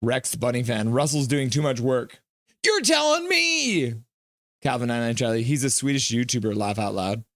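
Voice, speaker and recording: Excitable man, hockey reaction streamer, reads chat aloud, dry close sound. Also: medium pitch, brisk, hardly any pauses, no room sound. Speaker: live stream host.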